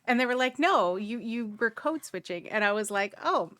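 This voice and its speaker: Reflective woman, halting and dry. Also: on the high side, fairly even intonation, a bit bright, clear, resonant tone, dry recording. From Canada. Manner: reflective, halting with many restarts. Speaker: streamer, panel guest. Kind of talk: casual panel discussion.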